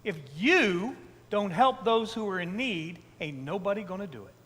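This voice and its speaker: A man's voice: high voice, expressive, moderate pace, a bit bright. A male pastor preaching a conversational sermon, checking in with the congregation and repeating key phrases for emphasis. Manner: conversational, frequent "right?" asides to the congregation; emphatic repetitions. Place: church sanctuary. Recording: long church reverb.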